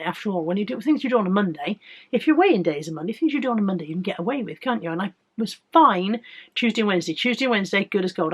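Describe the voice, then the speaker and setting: Chatty, slightly croaky English woman. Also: mid-range voice. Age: 40s. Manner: candid, chatty, rambling with restarts. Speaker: weight-loss vlogger. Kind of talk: casual chatty vlog.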